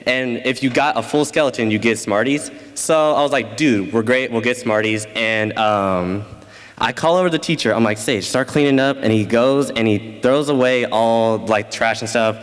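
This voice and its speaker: Teen boy telling a story in a hall. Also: mid-range voice. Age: teens. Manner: casual, laughing at his own story. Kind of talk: live story slam. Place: school event stage.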